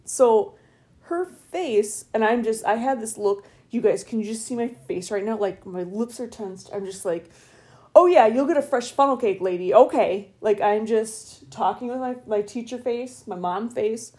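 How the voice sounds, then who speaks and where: A middle-aged woman co-hosting a podcast, chatting casually and telling stories with lively acted-out voices. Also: on the high side, a little slow. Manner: animated storytelling, acts out voices. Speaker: podcast co-host. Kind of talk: casual chat.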